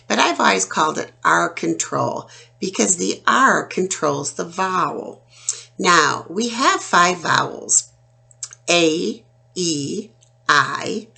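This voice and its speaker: A woman teaching a phonics lesson to young children, sounding out words slowly and clearly. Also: fairly low pitch, pushed and bright.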